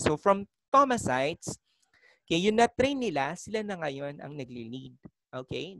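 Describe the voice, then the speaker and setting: A man's voice: a little high, vocal fry, a little hiss or hum, poor audio. A man with a Filipino accent, a college teacher lecturing a class and often checking in with "okay?". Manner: explanatory, frequent "okay?" checks with students.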